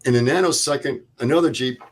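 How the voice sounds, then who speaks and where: A man's voice: mid-range voice, fast. An older man, a veteran guest, telling a vivid step-by-step war story and acting out the dialogue. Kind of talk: interview storytelling.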